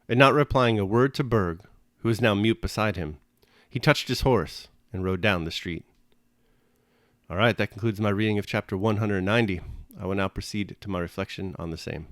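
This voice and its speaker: Deep-voiced man reading a novel aloud. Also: no room sound, studio quality. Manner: measured, expressive reading. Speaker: reader and commentator. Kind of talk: audiobook reading and reflection.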